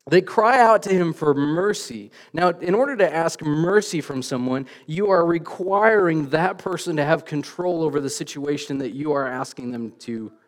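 A middle-aged man preaching a sermon in church, telling stories with animated, self-deprecating humor and frequent restarts. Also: on the high side. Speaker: pastor.

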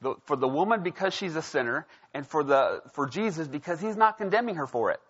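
A man's voice: a little high, animated, fairly quick, fairly bright tone, breathy edge. A man preaching a sermon as pastor, casual and conversational, telling a story and often checking in with the crowd. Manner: conversational, storytelling, frequent "right?". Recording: dull lo-fi sound.

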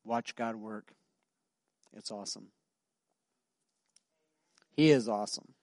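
A man's voice: lowish voice, takes it slowly, darkish tone, no room sound. A middle-aged man pastor preaching a sermon, emphatic and repetitive, telling stories in a conversational way.

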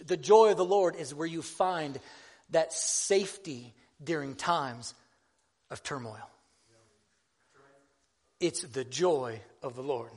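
A man's voice: a little high, darkish tone, breathy edge. A man giving a sermon in a conversational, self-deprecating way, often restarting his sentences. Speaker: preacher.

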